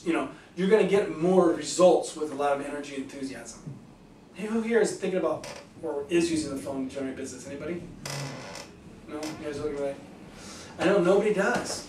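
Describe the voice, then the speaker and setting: A man giving a lively sales seminar talk to an audience, acting out phone calls with enthusiasm. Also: on the high side, slight background noise. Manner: enthusiastic, animated, acts out both sides of calls. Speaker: real estate agent giving a sales talk. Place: meeting room in front of an audience. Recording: echoey room, mic from a distance.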